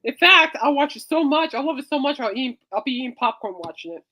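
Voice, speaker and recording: A woman's voice: high-pitched, expressive, fast talker, bright, forceful tone. A woman hosting a podcast in casual chat, playful and teasing, rambling from joke to joke. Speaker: podcast host.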